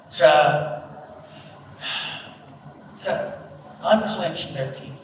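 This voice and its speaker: A man's voice: fairly high pitch, slow pace, long pauses. A middle-aged man giving a humorous keynote talk at a business breakfast, telling stories and acting out the voices of people in them. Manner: storytelling, acts out quoted voices. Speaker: keynote speaker. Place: large event hall at a business breakfast. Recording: echoey hall from far off, with noise.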